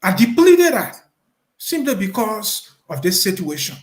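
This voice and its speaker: A man's voice: high voice, big pitch swings, measured pace, reverberant. A middle-aged man from Liberia, a former official giving an impassioned, emphatic closing statement as an interview guest. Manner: emphatic, repetitive, rising in intensity.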